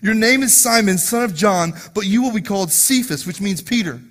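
Lead pastor, male; high-pitched, animated storyteller style sermon. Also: brisk. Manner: animated, acts out scenes in quiet asides.

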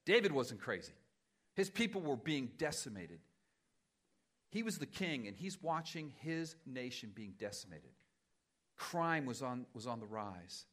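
A man preaching a conversational, animated sermon as pastor, sometimes poking fun at himself. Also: medium pitch, a little slow. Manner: conversational, animated, self-deprecating.

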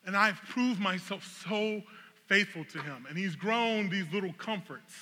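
High, bright-voiced preacher in a reverberant hall. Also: male voice, unhurried. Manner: humorous, animated storytelling. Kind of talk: sermon illustration story. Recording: long reverb of a large hall.

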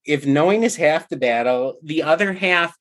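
A man's voice: fairly high pitch, moderate pace, fairly bright tone. A man talking as a podcast guest in casual chat, chatty and laughing, with stumbling restarts.

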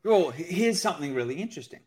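A man appears as a guest expert on sales calls in a podcast conversation, explaining things with lots of energy and frequently asking "right?" His voice is fairly high, expressive and fast, with a darkish, slightly rough tone.

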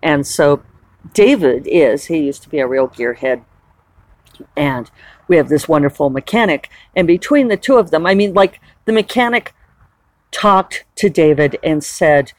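A woman's voice: sits low, a little slow, no room sound. Chatty woman with a dry, close sound. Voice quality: chatty, rambling, laughs often. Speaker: author and vlogger. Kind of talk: casual chat.

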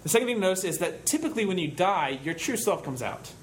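A man's voice: sits high, sing-song, fast talker, slight background noise. A man preaching a sermon in a conversational way, telling stories and asking rhetorical questions.

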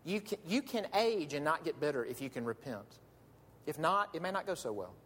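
Earnest pastor preaching in a reverberant hall. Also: male voice, on the high side, big pitch swings, brisk, a bit bright, husky. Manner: earnest, pleading, rhetorical questions. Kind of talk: sermon. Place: church sanctuary. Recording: long reverb of a large hall.

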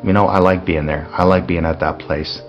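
A man giving an unscripted, conversational devotional talk as a pastor, full of asides and fillers and slowing to read scripture. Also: low voice, steady tone, lo-fi sound, soft background music. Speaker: podcast host, pastor.

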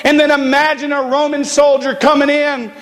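Guy preaching real slow, high voice, long echo off a big church hall. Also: flat delivery, fairly bright tone. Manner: slow, emphatic preaching with dramatic pauses. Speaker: pastor. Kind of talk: sermon.

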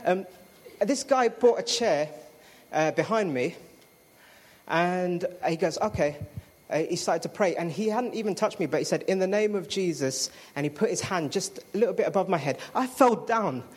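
A man's voice: sits high, lively intonation, normal speed. A man giving a chatty personal testimony to a congregation, with fillers and restarts. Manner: chatty storytelling with fillers and self-interrupting apologies.

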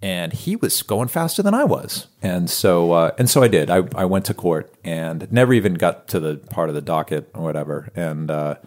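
A man chatting casually and telling a story in a relaxed, hesitant way with lots of filler words. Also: low-pitched, moderate pace, hardly any pauses.

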